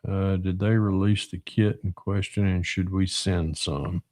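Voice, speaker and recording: A man's voice: sits low, fairly even intonation, measured pace, darkish tone, no room sound. A middle-aged man from Northwestern Georgia with a Southern accent, hosting a casual livestream while he builds a model car and answers chat in a folksy drawl.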